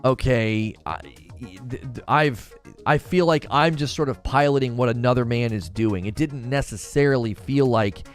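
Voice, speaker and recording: A man hosting a live gaming stream, chatting back to viewers in an animated way with quick restarts. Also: mid-range voice, soft background music. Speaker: gaming channel host. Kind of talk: live-stream chat reading viewer comments.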